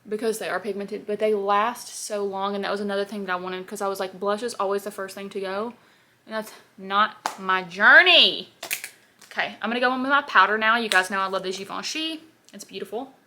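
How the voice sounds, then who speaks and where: A young woman in her twenties with a bright, forceful voice chats through her makeup routine in a loose, rambling way. She leans on constant "like" fillers and talks at a middle pitch, in an easy get-ready-with-me vlog style. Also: a little hiss or hum. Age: 20s. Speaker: beauty vlogger. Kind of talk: casual get-ready-with-me chat while doing makeup.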